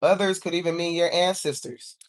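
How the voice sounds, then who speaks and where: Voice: mid-range voice, a little fast. Live intuitive card reader, chatty and encouraging, tags "okay?" after each point. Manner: encouraging, repeats "okay?" often; informal speech, calls on angels.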